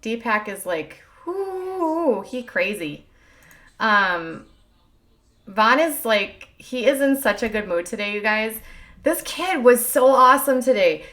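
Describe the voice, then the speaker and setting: A woman hosting a casual livestream, chatting fast and loosely with lots of filler words. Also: medium pitch, a bit bright. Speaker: host.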